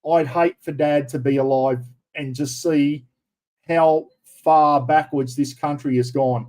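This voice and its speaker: A middle-aged Australian man hosting a casual livestream from his computer room. He rambles and calls everyone "mate". His voice sits a little high but has a dark, mellow tone. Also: steady tone, slow pace, rough recording. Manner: chatty, rambling, frequent "mate". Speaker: livestream host. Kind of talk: casual livestream chat reading viewer comments.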